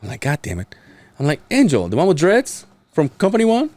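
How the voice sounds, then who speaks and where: A man's voice: brisk, dry recording. A man casually telling stories on a podcast, swearing and mimicking other people's voices. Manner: animated, mimics others with high-pitched voices, swears often. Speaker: podcast host. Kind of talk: casual storytelling chat.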